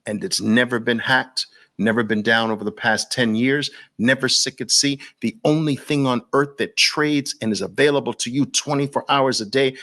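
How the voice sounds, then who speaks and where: A man's voice: medium pitch, fairly even intonation, normal speed, fairly bright tone. A man with a New York accent hosting an impassioned monologue, preaching fervently in repeated rhetorical questions and lists. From Brooklyn. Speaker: host.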